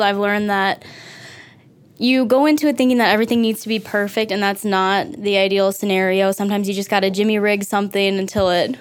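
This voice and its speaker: A chatty young woman intern talks about her accounting work. Her voice is clear and smooth, at a middle pitch, and she keeps saying "like" as she thinks aloud. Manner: chatty, says "like" a lot.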